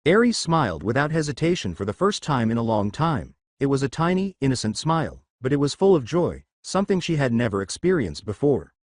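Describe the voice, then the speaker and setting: A man narrating a fan fiction story, reading at an even storytelling pace. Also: mid-range voice, brisk, few pauses, no room sound, studio quality.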